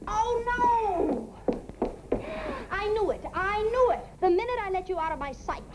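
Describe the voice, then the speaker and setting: An actress playing a quick-witted young woman who teases her father in a sarcastic 1950s sitcom style. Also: very high-pitched, animated, very noisy. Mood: teasing. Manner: teasing, sarcastic. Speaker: daughter in a sitcom.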